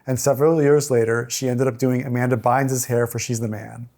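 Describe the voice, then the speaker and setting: A man's voice: medium pitch, steady tone, fairly quick, darkish tone. A man who is a guest on a podcast, reading out film trivia facts and giving teasing hints in a casual chat.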